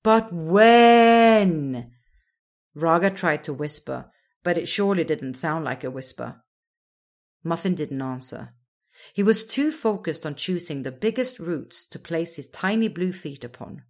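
Woman reading a kids story, low-ish voice, slow, really sing-songy. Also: animated. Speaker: narrator.

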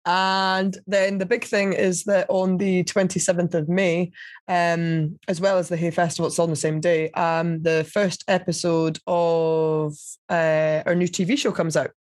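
A woman's voice: lowish voice, level tone, unhurried, a little mellow, dry recording, studio quality. A woman chatting as a podcast guest, candid and swearing freely as she acts out little quotes. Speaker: podcast guest, TV paranormal investigator. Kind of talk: casual chat.

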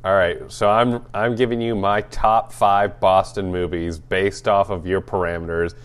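A young man with a very low, deep voice co-hosts a relaxed movie podcast. He talks in an easygoing, joking way and laughs a lot. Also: unhurried. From Atlanta area. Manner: laid-back, joking, laughs often. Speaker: podcast co-host. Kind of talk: casual movie podcast chat.

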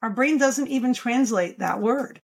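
A woman's voice: on the high side, measured pace, vocal fry, husky. Woman speech therapist explaining sound errors. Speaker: pediatric speech-language pathologist. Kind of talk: podcast interview, explaining to parents.

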